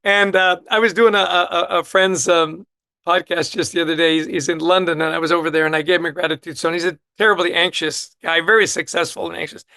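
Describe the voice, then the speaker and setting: A middle-aged man telling lively stories with enthusiasm as a guest author in a casual interview. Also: on the high side, fairly quick, gravelly, no room sound. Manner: animated, enthusiastic anecdote teller.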